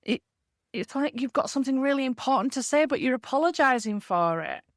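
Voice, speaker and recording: A woman hosting a solo podcast, giving earnest career coaching in a measured, emphatic way. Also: high-pitched, lively intonation, dry recording, clean studio sound. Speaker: podcast host and leadership communication coach.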